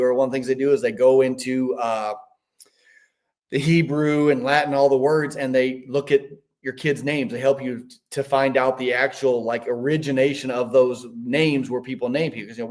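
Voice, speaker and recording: A man in his fifties telling a story as a podcast guest, rambling with frequent restarts. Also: mid-range voice. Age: 50s. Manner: rambling, animated, many restarts. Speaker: podcast guest, business owner. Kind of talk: casual storytelling.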